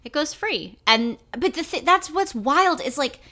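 A young woman co-hosts a casual comedy podcast, her voice bright and forward. She talks in an animated, profane rush and keeps slipping into silly voices. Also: high-pitched, unhurried. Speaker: podcast co-host.

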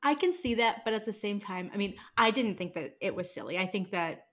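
Female podcast co-host, mid pitch, relaxed casual chat, occasional swearing. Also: a little fast.

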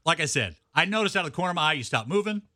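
Bright, teasing male radio host. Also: lively intonation, rapid-fire, dry recording, clean studio sound. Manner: joking, teasing, drops to a low mutter for asides. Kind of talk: casual banter.

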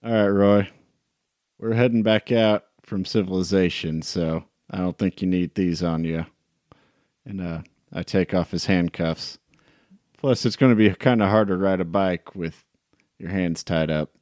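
Low-voiced man, dry, brief player. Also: fairly even intonation, measured pace, darkish tone, no room sound. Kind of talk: in-character tabletop play.

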